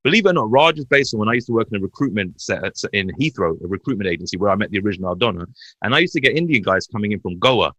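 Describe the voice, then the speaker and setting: Fast animated man. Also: no echo, rough recording. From Hounslow, West London. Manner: animated, swings in pitch while telling anecdotes. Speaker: podcast guest, comedian. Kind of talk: lively storytelling chat.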